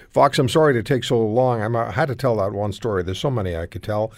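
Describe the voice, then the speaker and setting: A man from Canada hosting a radio talk show, animated and rambling as he searches for words. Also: lowish voice, quick pace, few pauses, dry recording, studio quality.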